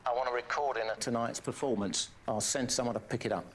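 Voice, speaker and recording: A man's voice: mid-range voice, steady tone, fast talker, a little hiss or hum, lightly acted. An actor playing a commanding male dictator who speaks in a casual, offhand way.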